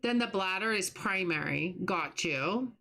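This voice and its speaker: A middle-aged woman talks easily while she plays a game on a livestream. Her voice sits at an ordinary middle pitch, and her tone stays sympathetic and chatty, with small restarts as she reads and answers her chat. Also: lively intonation, unhurried, a bit bright. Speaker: livestream host. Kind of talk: casual chat while gaming, reading chat.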